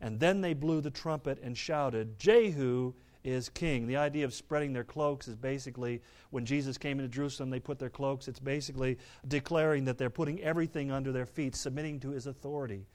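A man preaching a sermon, reading scripture aloud and explaining it, turning dramatic and loud on the quoted speech. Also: medium pitch, fairly even intonation, quick pace, few pauses.

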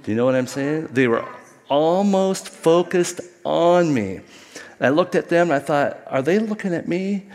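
A man's voice: a little high, animated, a little slow, darkish tone, in a large hall. A middle-aged man preaching a sermon, telling a family story in a conversational way with asides to the congregation. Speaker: pastor.

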